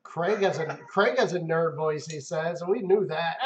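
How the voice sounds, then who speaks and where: A man's voice: fairly high pitch, measured pace, few pauses. A man hosting a live stream, chatting casually and easily with viewers, calling them man and dude. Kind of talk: casual chat. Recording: muffled roomy stream audio.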